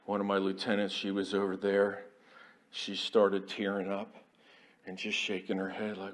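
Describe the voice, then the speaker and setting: A man, an Army chaplain preaching a folksy, storytelling sermon in a church, dropping to quiet asides and rising to loud declarations. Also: low voice, monotone, moderate pace, a little hiss or hum. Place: church sanctuary.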